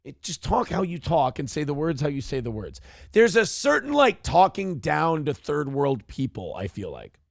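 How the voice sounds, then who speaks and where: A man's voice: fairly high pitch, wildly swooping pitch, moderate pace, creaky, no echo, clean studio sound. A man from Minnesota hosting a casual commentary show, ranting sarcastically and swearing freely. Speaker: host.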